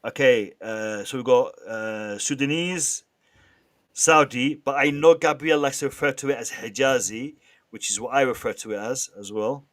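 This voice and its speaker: A man hosting a casual live stream, bantering with the chat in a lively way and often restarting his sentences. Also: mid-range voice, moderate pace. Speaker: livestream host.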